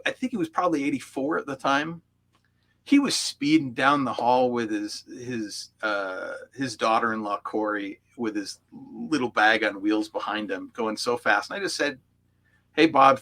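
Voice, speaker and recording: A man's voice: mid-range voice, pushed and bright. A man, a coach, recounting personal memories as an interview guest, heartfelt and reflective, with frequent fillers. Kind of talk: storytelling in an interview.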